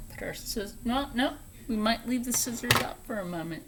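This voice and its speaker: A woman hosting a casual step-by-step sewing tutorial, chatty and playful, dropping into soft whispered asides as she works at a home sewing table. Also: fairly high pitch, lively intonation, moderate pace, very noisy. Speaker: sewing channel host.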